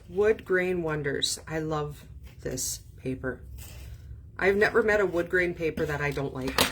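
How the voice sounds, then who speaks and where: A woman's voice: low voice, background noise. A woman chatting her way through a craft tutorial, thinking aloud with frequent ums. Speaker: card-making demonstrator.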